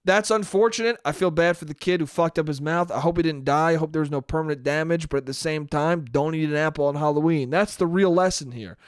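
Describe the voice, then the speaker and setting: A man's voice: a little high, fast talker, hardly any pauses, clean tone, no room sound, studio quality. A young man hosting a solo podcast, rambling through a profane comedic monologue and laughing at his own jokes. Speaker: podcast host.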